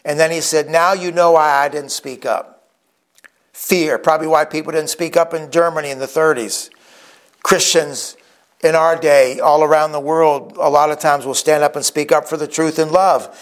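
A man's voice: fairly high pitch, fairly even intonation, normal speed. A man preaching a sermon in an earnest tone, acting out the quoted speakers as he retells scripture stories. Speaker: pastor.

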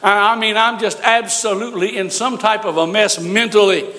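A man's voice: high voice, steady tone, normal speed, pushed and bright. An older man preaching a sermon in a folksy storytelling way with touches of humor. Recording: long hall reverb.

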